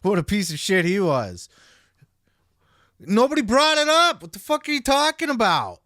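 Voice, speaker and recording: A man's voice: fairly high pitch, lively intonation, normal speed, pushed and bright, no echo, clean studio sound. A man putting on a bitter old male wrestler who rants and swears crankily. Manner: cranky, profane ranting.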